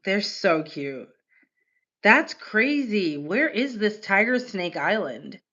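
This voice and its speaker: A woman streamer chatting casually on a livestream, gushing and animated, and she swears casually. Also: medium pitch, slow, highs cut off.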